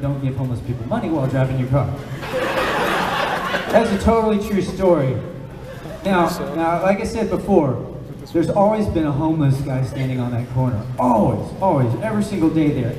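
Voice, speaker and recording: Man, high voice, animated comic storyteller on a panel stage; sound is distant and boomy, long hall reverb. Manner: animated, building to slow dramatic pauses. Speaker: panel guest telling a story. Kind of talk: comic storytelling to a live audience. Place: large event hall with an audience. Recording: roomy hall echo, voice off-mic, faint noise.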